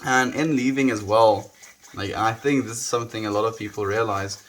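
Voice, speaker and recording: A young South African man chatting softly and reflectively with viewers on a live stream, often trailing off with "you know". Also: lowish voice, steady tone, moderate pace, slight background noise. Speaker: livestreamer. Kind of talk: casual live-stream chat.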